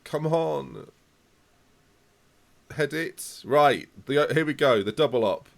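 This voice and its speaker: A young man commentating live on his football management game, reacting loudly to the match and chatting to viewers. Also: on the high side, slow, gravelly.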